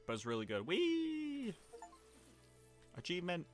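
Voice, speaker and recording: A man's voice: medium pitch, animated, moderate pace, a bit bright, faint music behind. Flustered, swearing streamer guy. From United States. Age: young adult. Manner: rambling, swearing, easily flustered, self-mocking. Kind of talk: casual livestream chat while gaming.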